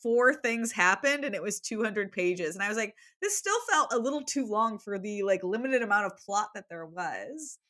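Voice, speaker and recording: A young woman co-hosting a casual book podcast, playful and quick to laugh, swearing now and then. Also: medium pitch, lively intonation, sharp tone. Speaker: podcast co-host.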